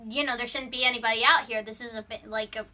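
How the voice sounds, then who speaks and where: A grumpy, wary old man, as a woman quotes him in a high, bright voice with exasperated jumps up in pitch. She barely changes her own voice for him. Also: fairly even intonation, fast. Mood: impatient.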